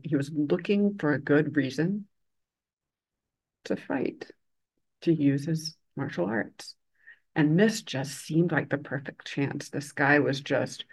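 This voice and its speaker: A reflective Buddhist teacher and chaplain tells a teaching story. The voice sits at a mid pitch. The delivery is measured and gently emphatic. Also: rough recording. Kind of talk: dharma talk with storytelling.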